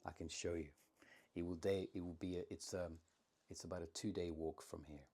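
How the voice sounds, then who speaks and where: A man voicing a huge male giant of myth, sarcastic and mock-innocent, in a low, very husky voice. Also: fairly even intonation, normal speed, dark tone. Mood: calm guiding.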